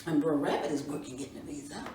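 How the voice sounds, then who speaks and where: A woman storyteller narrating a folk tale for children in an expressive, folksy way. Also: deep voice, fast, a crowd in the background. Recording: roomy echo from a distance, faint room noise.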